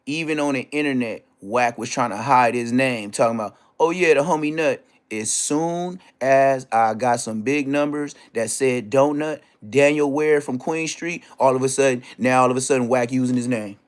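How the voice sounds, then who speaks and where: A middle-aged man recounting street drama in a casual, animated storytelling rant, full of slang and repeated phrases. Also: mid-range voice, moderate pace, hardly any pauses, clean tone.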